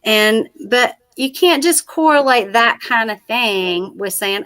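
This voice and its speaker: Southern woman call-in guest, chatty and self-deprecating, bright sharp tone. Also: a little high, lively intonation, takes it slowly, hardly any pauses. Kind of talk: casual chat.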